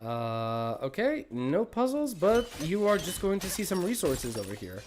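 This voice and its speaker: A man's voice: sits high, wildly swooping pitch, a little slow, soft background music. A man giving casual live commentary while playing a game, rambling and self-deprecating as he thinks aloud. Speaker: gaming livestreamer.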